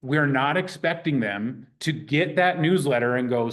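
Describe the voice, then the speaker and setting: A man teaching a real estate class in a lively, conversational way, acting out sample phone calls. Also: medium pitch, a little slow. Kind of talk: teaching a live workshop.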